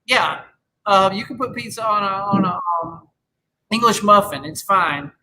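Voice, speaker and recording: A man's voice: high-pitched, lively intonation, measured pace, sharp tone, poor audio. A man in his thirties chatting casually on a podcast, rambling with lots of restarts and swearing freely. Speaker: podcast host. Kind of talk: casual chat.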